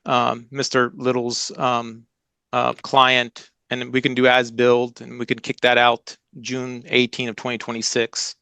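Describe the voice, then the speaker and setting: A man speaking as an attorney at a court hearing, polite and halting with many fillers. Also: medium pitch, monotone, gravelly, sharp tone, clean tone, no echo.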